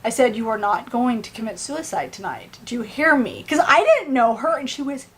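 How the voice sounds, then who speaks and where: A woman tells a story straight to her camera, her voice pitched high. She gets animated and throws her voice up to play the people she met. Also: a little fast. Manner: animated, acts out bystanders in raised voices. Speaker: vlogger. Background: dog at home.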